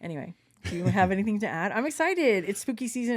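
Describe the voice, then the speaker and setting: A woman's voice: mid-range voice, very animated, fast talker. A woman co-hosting a podcast in casual chat, telling stories animatedly and laughing often. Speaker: podcast co-host.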